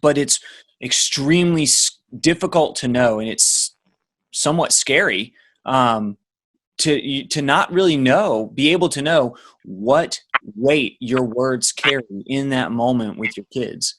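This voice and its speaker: A man's voice: mid-range voice, fairly bright tone. A man and father talking thoughtfully on a podcast, hesitant and reflective. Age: adult parent. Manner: thoughtful, halting, many fillers and restarts. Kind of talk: casual podcast chat.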